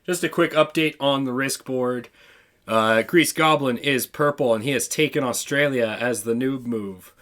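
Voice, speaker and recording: A man's voice: medium pitch, normal speed, fairly bright tone. A man giving playful updates on a board game in casual chat. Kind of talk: casual chat while gaming.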